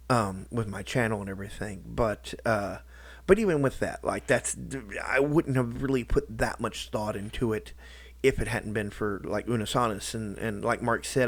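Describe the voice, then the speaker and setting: A man talking in a casual personal vlog, halting and rambling, with lots of restarts and fillers. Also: lowish voice, dry recording. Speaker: YouTuber.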